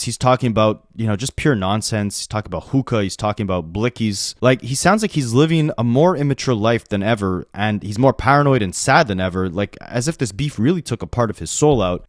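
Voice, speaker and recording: A man's voice: mid-range voice, dry recording, clean studio sound. A man giving a casual, opinionated album review in a conversational way with lots of fillers. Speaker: music reviewer.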